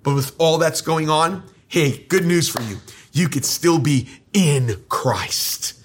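A man preaching a sermon, reading scripture aloud and stretching key words slowly for emphasis. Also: fairly high pitch, breathy edge. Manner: reads scripture aloud and comments on it. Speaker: pastor.

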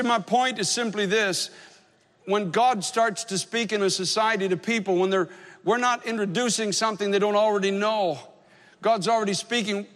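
A man's voice: high voice, a bit bright. Earnest preacher man in a reverberant hall. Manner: storytelling preacher, earnest and emphatic. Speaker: pastor. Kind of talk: sermon.

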